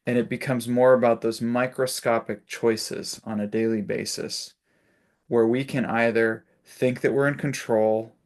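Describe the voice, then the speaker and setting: A man's voice: mid-range voice, fairly even intonation, measured pace. A man facilitating a spiritual discussion on a video call, telling stories and acting out little quotes with laughs. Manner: warm storytelling with laughs and acted-out quotes.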